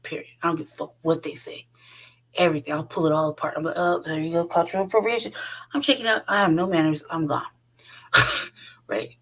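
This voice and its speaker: Husky, heated woman ranting. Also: deep voice, fairly quick, pauses often, a bit bright, low-quality recording. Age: 40s. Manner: heated, profane, blunt, laughs often. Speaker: podcast host. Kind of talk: unscripted rant.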